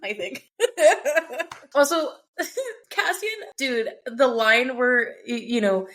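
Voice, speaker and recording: A young woman with a slightly high voice chats loosely as a podcast co-host. She laughs often, swears casually and slips into little acted-out quotes. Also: expressive, extremely slow, a bit bright. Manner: acts out quoted lines from the audiobook. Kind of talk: casual chat.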